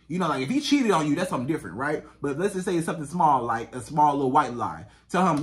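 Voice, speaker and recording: A man's voice: fairly high pitch, big pitch swings, fairly quick, few pauses. A man, a dating coach giving blunt, emphatic advice straight to camera and repeating catchphrases. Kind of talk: direct-to-camera advice monologue.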